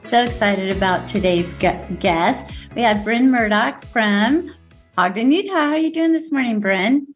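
A woman's voice: on the high side, expressive, a little slow, soft background music. A woman hosting a podcast, bubbly and enthusiastic, chatting casually with a guest. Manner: bubbly, enthusiastic, leads breathing exercises. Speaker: podcast host. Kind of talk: casual chat.

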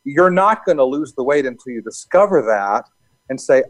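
A man interviewed as a hypnosis and NLP coach, explaining his work in a calm, easygoing way. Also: medium pitch, normal speed. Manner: calm, explanatory, laughs easily. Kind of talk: casual interview talk.

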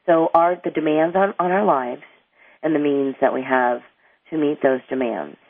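A woman's voice: low-pitched, normal speed, dry recording. Earnest woman guest on a tinny line. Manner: earnest, rambling with restarts. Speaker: anger management coach and author, guest. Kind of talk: interview answers, explaining. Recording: tinny phone line, dry.

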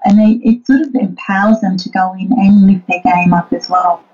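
A woman's voice: mid-range voice, fairly even intonation, brisk, dark tone, faint music behind. An earnest woman is speaking as an interview guest. She is encouraging and acts out the thoughts she quotes. Her voice comes over a muffled, lo-fi remote line. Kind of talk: interview conversation.

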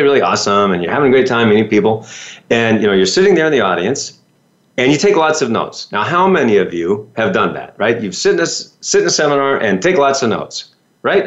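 Lively man giving a motivational talk. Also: mid-range voice, muffled recording. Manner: lively, rhetorical questions, folksy. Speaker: business coach.

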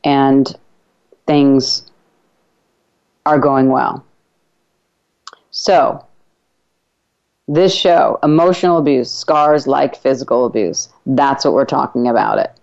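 A woman hosting a talk radio show, telling a personal story in an earnest, reflective way with halting restarts. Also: extremely low pitch, gravelly, a little mellow. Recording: slightly dull lo-fi radio audio.

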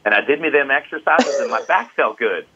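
A man's voice: mid-range voice, animated, a little fast, pushed and bright, slightly rough, pitched above the performer's own voice. A man putting on a Midwestern accent to voice a plainspoken caller whose back felt better, talking in a folksy, surprised way. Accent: Midwestern US, imitated. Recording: tinny phone-like line.

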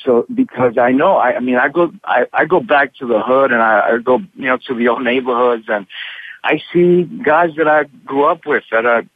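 An actor being interviewed by phone from his room, talking haltingly with many restarts and repeated words. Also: mid-range voice, no room sound. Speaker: actor guest. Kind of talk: candid interview over the phone. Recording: tinny dry phone line.

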